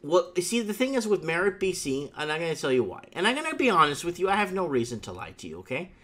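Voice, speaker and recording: Hosting a laid-back talk show, a man tells his stories with emphasis and keeps returning to the same catchphrases. His voice sits on the high side, fast and sing-song, with a pushed, bright quality.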